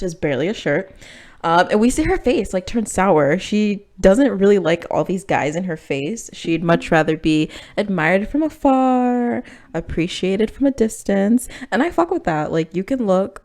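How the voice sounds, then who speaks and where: A woman's voice: medium pitch, a little mellow. A woman hosting a podcast in casual chat, candid and chatty, with plenty of "like" and "um" and the odd casual swear. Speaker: podcast host recapping an episode.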